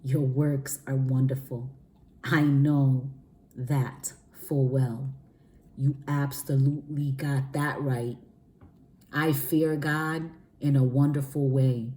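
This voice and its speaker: Low-voiced woman chatting about spirituality. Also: warm tone, slight background noise. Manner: rambling, chatty, frequent restarts; laughs often between phrases. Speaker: spiritual reader. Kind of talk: casual spiritual vlog talk.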